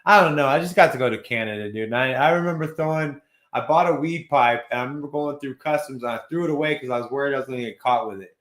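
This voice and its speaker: A man in his thirties from Texas, hosting a live chat show, talking in a loose, slangy way with swearing and quick laughs. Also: mid-range voice, fairly bright tone, reverberant. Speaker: host. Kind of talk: casual chat.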